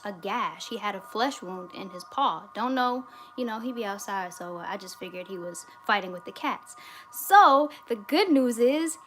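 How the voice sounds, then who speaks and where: A woman hosting a casual livestream from home, reading viewer comments aloud in a relaxed way, with fillers. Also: medium pitch. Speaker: livestream host. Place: home in the US state of Georgia.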